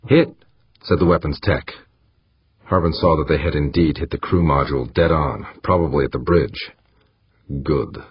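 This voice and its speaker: A man with a husky voice reading a story aloud in a measured way. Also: very deep voice, dull audio, a little hiss or hum. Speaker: audiobook narrator. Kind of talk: scripted narration.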